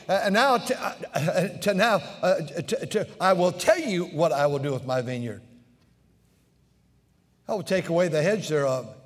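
A man preaching a sermon as pastor, swinging between shouted passages and hushed tones. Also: high-pitched, normal speed. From United States. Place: large church sanctuary. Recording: long hall reverb in a church.

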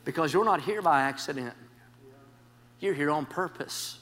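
A man preaching a revival sermon in a church, telling stories with great passion and swinging from hushed tones up to shouts, often leaning on "can I say.". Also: a little high, normal speed. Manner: impassioned storytelling, swings from quiet to shouting; repeats "can I say" as a preaching cue. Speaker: traveling preacher. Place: church sanctuary. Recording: long reverb of a large church.

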